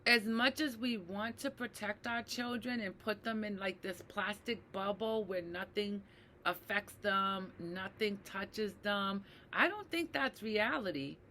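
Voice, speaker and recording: A woman talking earnestly to her viewers, reflective and slow to repeat key phrases, often checking in with "right?" and addressing them as "you guys". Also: mid-range voice, pushed and bright, a little hiss or hum. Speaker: mental health advocate. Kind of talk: personal talk to camera.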